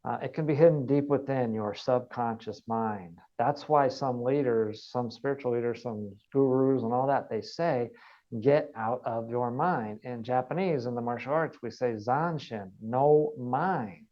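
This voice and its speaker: A man's voice: mid-range voice, normal speed, hardly any pauses, muffled recording. A man working as a wellness coach, giving an earnest motivational training talk and repeating phrases for emphasis.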